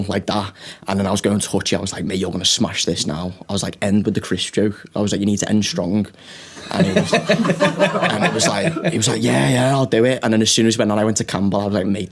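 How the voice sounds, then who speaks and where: A young man, a comedian co-hosting a podcast, telling stories in casual chat, swearing often and laughing through them. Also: on the low side.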